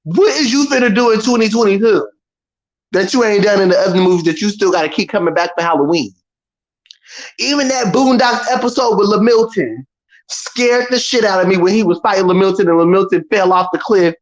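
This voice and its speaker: Man around thirty, casual vlog rant, slightly high voice, dull lo-fi sound, loud and theatrical. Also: fairly quick. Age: about 30. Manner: animated, profane, dramatic, imitates screams. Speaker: vlogger.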